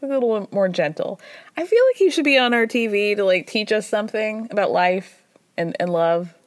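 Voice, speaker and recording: A woman's voice: mid-range voice, expressive, normal speed, no echo, clean studio sound. A woman hosting a podcast, recapping reality TV in a chatty, gossipy, wry way, with frequent laughter. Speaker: podcast host. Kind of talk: casual reality-TV recap chat.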